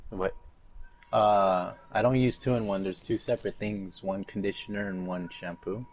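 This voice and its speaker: A teenage boy hosts a casual podcast over a voice call, sounding laid-back and hesitant with lots of "um"s. His voice is on the low side and a little mellow, with a steady tone and moderate pace.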